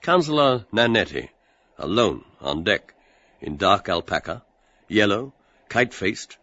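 A male narrator reads the stage directions in a measured way. His voice is deep and dry, and the recording is dull and lo-fi. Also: sing-song, sharp tone, no echo.

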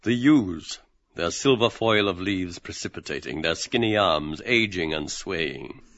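A man narrating the stage directions of a radio play in a measured, precise reading. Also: low-pitched, expressive, fairly bright tone, dry recording, dull audio.

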